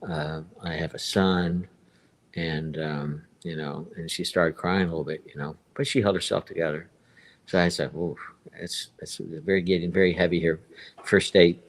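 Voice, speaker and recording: A man in his fifties, a guest on a live stream, tells his personal story casually in a notably deep, low voice. He rambles, doubling back over points and repeating himself, at normal speed with a steady tone.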